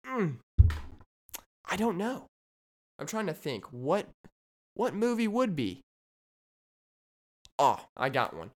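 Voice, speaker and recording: A man's voice: mid-range voice, lively intonation, normal speed, clear, resonant tone. A man hosting his own solo podcast, rambling in a jokey way and riffing on silly ideas. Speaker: podcast host. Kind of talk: solo comedic podcast monologue.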